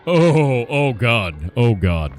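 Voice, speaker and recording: A man's voice: medium pitch, very animated, extremely slow. A man streaming a game in casual chat, thinking aloud and swearing under his breath as he plays.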